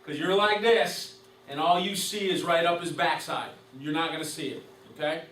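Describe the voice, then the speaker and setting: A man's voice: on the high side, moderate pace, fairly bright tone. A man teaching a class of umpires in a conversational lecture, asking questions and repeating key points. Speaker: umpire instructor. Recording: roomy, distant mic, faint hiss.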